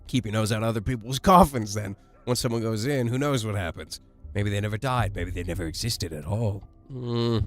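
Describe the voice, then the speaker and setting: A man voicing a sly game shopkeeper, low voice, drawling, mocking. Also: fairly quick, fairly bright tone, faint music behind, natural voice. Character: smug sly male warehouse keeper smuggler.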